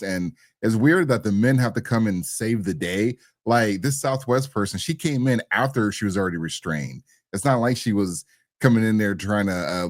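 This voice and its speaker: A man co-hosting a podcast, reacting to a viral clip in animated, emphatic casual commentary. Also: lowish voice, no room sound, studio quality. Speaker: podcast co-host.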